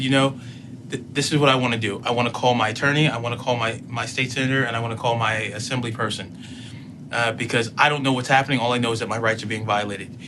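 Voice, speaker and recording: A man in his thirties, a councilman and student, telling a personal story in an interview in a measured way, quoting what was said. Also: mid-range voice, a bit bright, slight background noise. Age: 30s. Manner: measured, recounting events with quoted dialogue.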